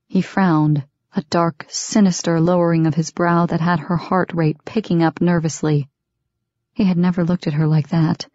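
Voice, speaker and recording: A woman reading an audiobook in steady, measured scripted narration. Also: lowish voice, no room sound. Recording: dry, dull lo-fi recording.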